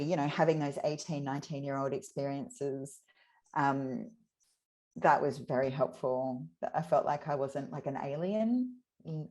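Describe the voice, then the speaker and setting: Woman, 30s, low voice, candid interview, many restarts. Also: dark tone. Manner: reflective, halting, with many restarts.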